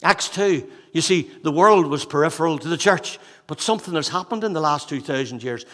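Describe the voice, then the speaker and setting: A man preaches a sermon in a church hall, his voice bright and forceful. He speaks at a somewhat high pitch and builds his points through repeated rhetorical questions. A long reverb from the hall trails behind his words. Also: lively intonation, brisk. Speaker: pastor.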